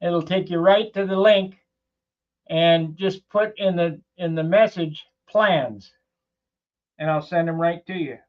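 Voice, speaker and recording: A man with a slightly high voice rambles through a casual workshop vlog, plainspoken and full of loose asides. The recording sounds dull and lo-fi, with the top end rolled off. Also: slow pace. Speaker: model airplane builder and channel host.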